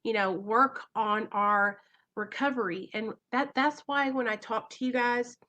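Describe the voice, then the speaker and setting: A woman speaks straight to her viewers from home, earnest and emotional as she hosts a recovery channel. Her voice sits a little high and rings bright and forceful. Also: fairly even intonation, measured pace. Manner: earnest, emotional, keeps addressing viewers directly. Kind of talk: livestream talk to viewers.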